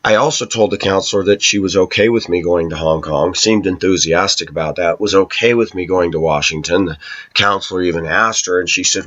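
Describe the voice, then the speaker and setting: Aggrieved low-voiced man vlogging. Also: brisk, a bit bright. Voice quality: frequent throat clearing. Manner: aggrieved, telling his side at length. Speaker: vlogger addressing viewers. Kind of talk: personal monologue to camera. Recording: slightly dull lo-fi recording.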